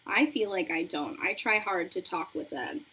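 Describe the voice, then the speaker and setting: A woman's voice: on the low side, normal speed, husky, rough recording. A young woman from the Northeastern US, chatting casually with viewers on a livestream. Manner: chatty, animated, talking to viewers. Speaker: beauty livestream host.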